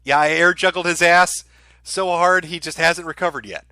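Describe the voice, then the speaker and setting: A man reading viewer messages on a livestream, his voice bright and forward and set a bit high for a man. He is dry and sardonic, chuckling now and then. The sound is close and dead, with no room echo. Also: steady tone, normal speed, smooth. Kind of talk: casual livestream chat.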